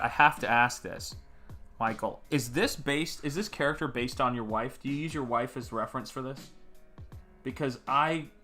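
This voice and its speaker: Chatty, bright-voiced American man streaming. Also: mid-range voice. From United States. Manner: rambling, chatty, greets viewers in chat. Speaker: artist livestream host. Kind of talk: casual livestream chat.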